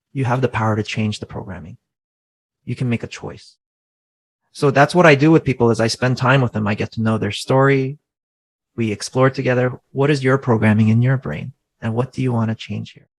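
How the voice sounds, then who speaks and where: Gravelly-voiced man talking earnestly. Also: medium pitch, rough recording. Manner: earnest, reflective, often says "right?". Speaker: guest coach. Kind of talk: conversational interview.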